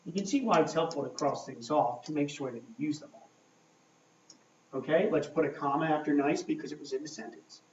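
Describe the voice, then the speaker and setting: A man teaching a grammar lesson at a board, talking slowly and checking in often with "okay?". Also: on the high side, a little hiss or hum. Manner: slow, checking in with frequent "okay?". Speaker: English teacher. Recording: echoey room, mic far off, dull lo-fi sound.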